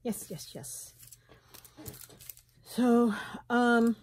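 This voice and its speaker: Craft vlogger, middle-aged woman, slight Southern lilt, husky, warm and unhurried, thinks out loud. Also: a little high. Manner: chatty, thinks aloud while crafting, frequent soft laughs. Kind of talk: casual craft tutorial chat. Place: home sunroom, indoors.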